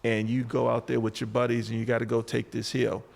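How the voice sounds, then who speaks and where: Gravelly-voiced father telling a story. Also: medium pitch, flat delivery, fairly quick. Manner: storytelling, firm fatherly advice. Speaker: guest. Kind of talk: casual chat. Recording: reverberant room.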